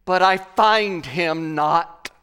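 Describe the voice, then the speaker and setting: Slow, dramatic male preacher. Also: high voice, smooth. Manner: slow, dramatic preaching with swells and hushed drops. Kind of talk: sermon.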